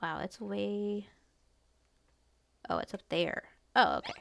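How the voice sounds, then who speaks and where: A woman streamer giving casual gameplay commentary, thinking aloud in an unhurried, musing way. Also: mid-range voice, sing-song, fairly bright tone. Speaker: game streamer. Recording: clear background noise.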